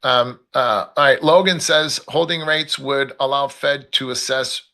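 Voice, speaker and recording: Bright-voiced Chicago man calling markets. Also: mid-range voice, a little slow. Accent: Chicago South Side. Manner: loose, repeats price levels aloud, blunt salty asides. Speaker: trading stream host. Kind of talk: live market commentary.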